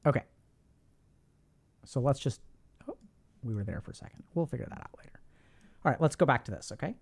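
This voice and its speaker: A middle-aged livestream host talks about mental health, speaking directly and informally to his chat as he lectures them emphatically and repeats phrases for stress. His mid-range voice is creaky, husky, and darkish in tone, with lively intonation and a brisk pace.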